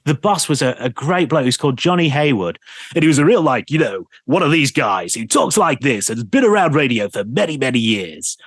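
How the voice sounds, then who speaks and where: A man, a radio presenter telling lively anecdotes in an interview, laughing often and mimicking people he knew. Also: mid-range voice, a little fast, no room sound, studio quality. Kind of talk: storytelling interview chat.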